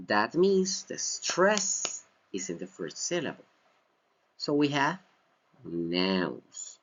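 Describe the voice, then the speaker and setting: A man whose first language is Spanish, teaching English pronunciation and stressing each word slowly and clearly. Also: on the low side. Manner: exaggerated word stress, repeats words slowly. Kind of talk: slow deliberate pronunciation lesson. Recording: slightly dull lo-fi recording.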